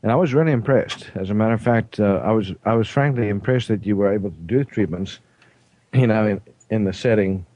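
A South African man hosting a studio talk show, hesitant, with frequent throat clearing and fillers. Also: fairly low pitch, fairly quick, dark tone, no echo. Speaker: host. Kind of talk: casual radio talk show.

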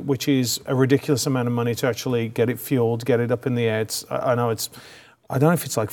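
A man's voice: mid-range voice, a little mellow. A man co-hosting a casual talk show, joking and rambling. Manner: joking, rambling, self-mocking. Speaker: co-host.

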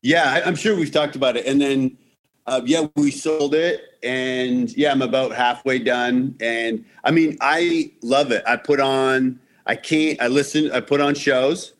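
A man from Canada talks as a guest comedian, his mid-range voice tumbling through restarts and acted-out quotes. The chat is loose and animated, with a quick storyteller's energy. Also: mid-range voice. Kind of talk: casual podcast chat.

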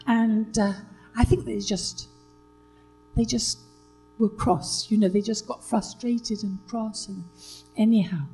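An older British actress, a guest telling stories in a relaxed chat, hesitant with many fillers and restarts. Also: female voice, mid-range voice, slow pace, creaky, husky, soft background music, poor audio. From Britain.

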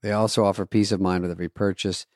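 A man's voice: on the low side, level tone, fast, darkish tone, dry recording. A man co-hosting a podcast, telling anecdotes wryly, sarcastically imitating the people he quotes, and reading ads. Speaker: podcast co-host. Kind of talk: casual chat and host-read ad. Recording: dry close mic.

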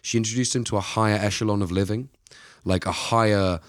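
Low-voiced man telling a true-crime story. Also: steady tone, fairly quick, dry recording, clean studio sound. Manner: rambling, playful storytelling. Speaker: podcast co-host. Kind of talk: casual true-crime chat.

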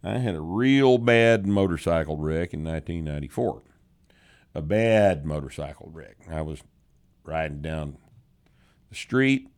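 Deep-voiced blunt man. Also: lively intonation, measured pace. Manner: blunt, profane, drawling, laughs often. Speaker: podcast host answering listener questions. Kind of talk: casual chat.

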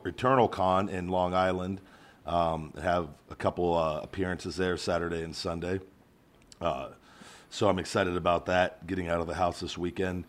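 Man, low voice, podcast host, casual banter, teasing, swears a lot.

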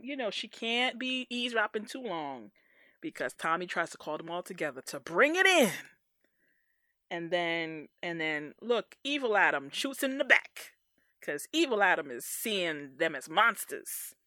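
A woman in casual podcast chat, animated and slangy, often acting out characters' lines. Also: medium pitch, measured pace, dry recording, clean studio sound. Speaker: podcast co-host.

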